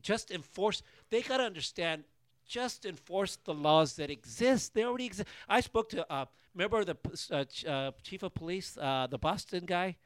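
A man hosts casual banter with an emphatic, opinionated push. His voice sits a bit high. The sound is dry and close. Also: animated, normal speed, no room sound. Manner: emphatic, opinionated, repeats points. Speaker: host. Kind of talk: casual talk show banter. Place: garage.

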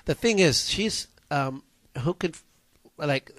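A man co-hosting a casual talk show, animated and rambling, often repeating himself as he makes a point. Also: a little high, slow, no room sound. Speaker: co-host. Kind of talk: casual radio chat.

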